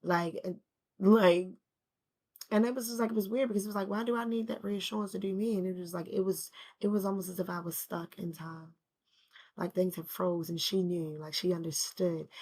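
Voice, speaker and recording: A woman's voice: lowish voice, steady tone, fairly quick. A woman rambling through a casual, slangy story in a personal video, grieving and emotional, the mother of a teenage son. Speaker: vlogger.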